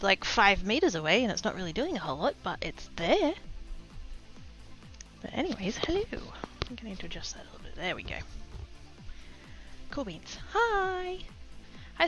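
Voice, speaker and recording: A woman's voice: medium pitch, big pitch swings, brisk, pauses often, over music, poor audio. An Australian woman chatting casually with viewers on a craft livestream, bubbly and giggly, through a headset mic at home.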